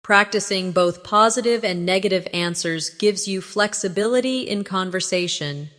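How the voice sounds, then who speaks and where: A woman's voice: medium pitch, fairly bright tone, long reverb tail. A woman teaching a scripted language lesson, reading example phrases and prompting the listener to repeat them. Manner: measured, instructive, models phrases for repetition. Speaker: English teacher.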